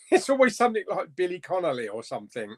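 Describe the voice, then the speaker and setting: A man's voice: sits high, huge pitch swings, fast. A man hosting a casual live stream chat, reading out viewer comments and chatting about them.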